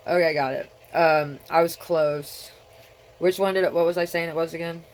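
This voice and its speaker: A woman's voice: lowish voice, fairly even intonation, moderate pace, slight background noise. A middle-aged woman vlogging alone, rambling in a scattered way, often trailing off mid-thought. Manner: scattered, talking to herself, trailing off. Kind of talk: rambling solo video chat.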